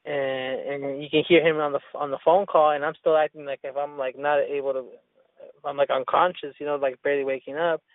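A man's voice: on the high side, no room sound. A man telling a rambling story in casual chat, with lots of profanity and restarts. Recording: tinny phone-line sound.

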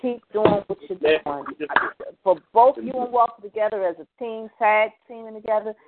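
A middle-aged woman, a ministry program director, speaking in a slow, emotional, earnest church manner. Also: fairly high pitch. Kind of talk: heartfelt church talk. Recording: tinny phone line.

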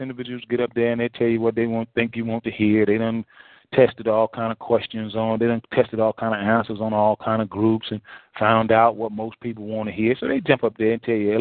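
A man's voice: mid-range voice, no echo. A male pastor preaching a sermon in a folksy, repetitive way, full of rhetorical questions. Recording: tinny phone-line sound, dry.

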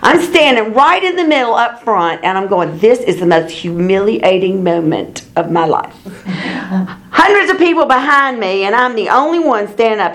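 A woman's voice: fairly high pitch, fairly bright tone. Chatty woman teaching a bible study. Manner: chatty storyteller, many fillers, laughs at herself. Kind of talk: informal Bible study teaching with personal stories.

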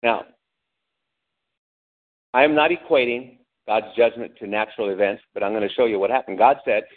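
A man preaching a sermon with lively delivery, asking the congregation questions and acting out angry cries. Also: mid-range voice, moderate pace, pauses often. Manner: animated preaching, calls out to the congregation, acts out angry shouts. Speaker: pastor. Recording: tinny phone-like lo-fi sound.

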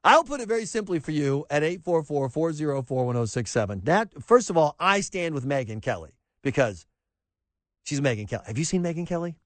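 A man hosts a talk radio show in a fairly high voice with a wide, swinging range. He is sarcastic and animated, riffing through an opinionated monologue. The sound is dry and close, like a studio microphone. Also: brisk, no echo. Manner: sarcastic, animated, mocks quotes in put-on voices.

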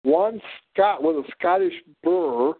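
Older male radio host, Ozark-prairie drawl, slow and meandering with lots of "uh", voice sitting a bit high, thin phone-line sound. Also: no echo. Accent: Southwest Missouri, mix of prairie drawl and Ozark. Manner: halting, meandering, full of "uh" and restarts. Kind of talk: rambling solo radio monologue. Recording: thin phone-like dry audio.

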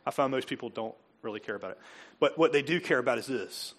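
A man preaching a sermon as pastor, dropping to soft, intimate asides and rising to loud, emphatic peaks, often laughing as he talks. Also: medium pitch, lively intonation, brisk. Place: church sanctuary.

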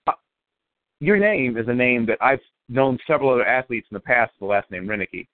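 A man's voice: medium pitch, lively intonation, fairly quick, no room sound. A male radio host interviewing football prospects, asking long, winding questions that restart often. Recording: phone-line call.

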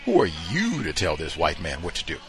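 A man's voice: low-pitched, wildly swooping pitch, a little fast, fairly bright tone, soft background music, full character voice. A man voicing an indignant bigoted man who shrilly scolds a black worker. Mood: outraged.

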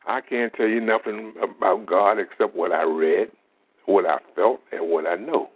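A man's voice: fairly low pitch, moderate pace, a little hiss or hum. A man, telling faith-healing stories in a plain-spoken, folksy way as a lay minister. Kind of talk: informal testimony monologue. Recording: tinny phone-like audio.

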